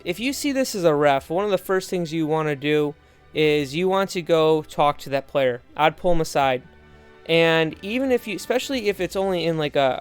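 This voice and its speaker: A man's voice: fairly high pitch, clear, resonant tone. A man talking referees through game footage in an earnest, conversational way, full of asides and restarts. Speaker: referee trainer. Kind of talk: instructional video commentary.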